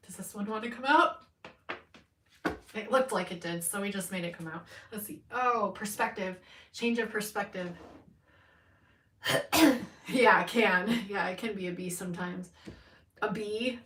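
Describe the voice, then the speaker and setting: A woman's voice: medium pitch, measured pace, pauses often, a bit bright, a little hiss or hum. A woman doing a live-streamed tarot card reading, chatting in a rambling, candid way, swearing freely and laughing often. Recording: roomy sound from a mic at a distance.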